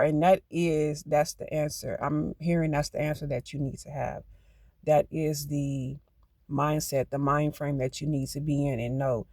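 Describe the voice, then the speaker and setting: A fired-up man reading cards with a lilt, his voice sitting a bit high. He preaches empowerment emphatically, hypes himself up and mutters to calm down, heard close and dry with no room sound. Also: moderate pace, no room sound. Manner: emphatic, gets hyped, talks to self. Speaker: tarot card reader. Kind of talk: channeled card reading.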